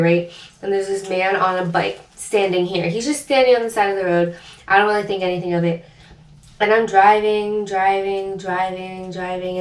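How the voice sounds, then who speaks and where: A young woman vlogger telling a storytime story in a chatty, animated way, full of filler words. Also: mid-range voice. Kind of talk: storytime chat. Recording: roomy echo, distant mic.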